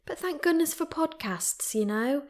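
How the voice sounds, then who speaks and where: A British woman hosts a podcast from home, reading listener emails aloud. Her high, expressive voice moves a little slowly, and she breaks off into bubbly, giggly asides.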